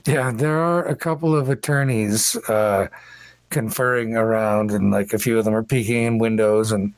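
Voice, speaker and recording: A man's voice: fairly low pitch, steady tone, normal speed, dry recording. A man narrating a tabletop game as game master, in a casual, descriptive way.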